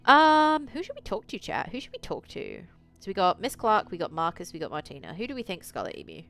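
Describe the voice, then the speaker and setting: A woman's voice: on the low side, wildly swooping pitch, fast, fairly bright tone. A woman streamer reading a visual novel aloud and chatting casually with her chat, swearing now and then. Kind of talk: casual live-stream game narration.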